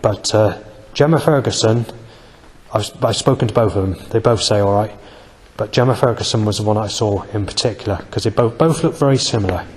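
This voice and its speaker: Man, rambling aggrieved vlog monologue, lowish voice, reverberant sound. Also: a little mellow. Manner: rambling, aggrieved, halting with fillers. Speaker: vlogger.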